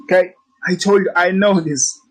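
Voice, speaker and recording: A man's voice: high voice, steady tone, moderate pace, husky, rough recording. A man teaching trading in a casual walkthrough, brash and teasing, repeating his points and swearing freely. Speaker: trading instructor. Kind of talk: casual screen-share tutorial.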